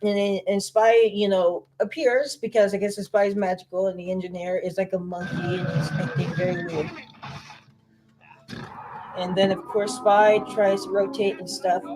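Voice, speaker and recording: A woman's voice: mid-range voice, fairly even intonation, normal speed, background noise. A woman giving casual reaction commentary on a video, rambling and guessing aloud with many fillers.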